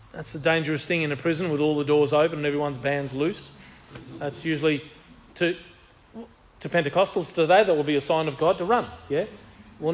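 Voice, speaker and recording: Male preacher, earnest and emphatic, reads scripture, slightly high voice, dull recording. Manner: earnest, emphatic, repeats key phrases. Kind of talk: sermon with scripture reading.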